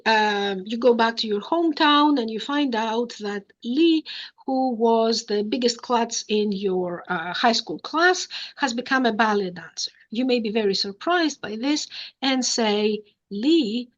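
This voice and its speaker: A woman's voice: fairly high pitch, highs cut off. A woman giving an academic lecture, explaining step by step and checking in with her listeners. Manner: explanatory, checks in with "right?" and "okay?".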